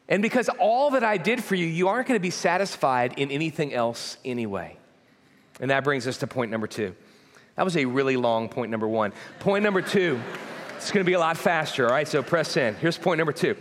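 A man's voice: fairly high pitch, lively intonation, moderate pace, a bit bright. A man preaching a sermon as pastor, in an emphatic, repetitive preaching cadence. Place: church auditorium. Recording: long hall reverb.

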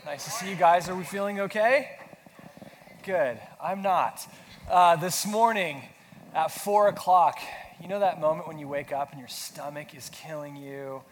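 A pastor preaching a sermon, feeling sick, talking casually and asking his congregation questions. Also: on the high side. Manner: conversational, self-deprecating humor, asks the audience questions. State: sick with flu. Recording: long hall reverb, faint noise.

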